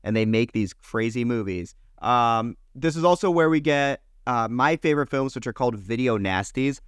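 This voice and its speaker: A man's voice: mid-range voice, animated, clear, resonant tone, no echo, studio quality. A young man co-hosting a podcast, eagerly running through film history year by year and swearing casually. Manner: enthusiastic, listing years in quick bursts, swears casually. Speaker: podcast co-host.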